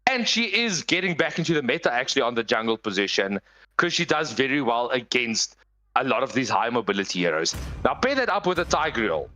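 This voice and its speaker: A man commenting live on an esports match, breaking down drafts and getting excited in big plays. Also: medium pitch, fairly quick.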